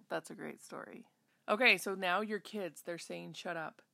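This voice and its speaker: Woman, 30s, host; low, gravelly, close and dry; chatty and reflective. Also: slow, pushed and bright, no room sound. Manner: chatty, self-interrupting, reflective. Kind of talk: casual chat.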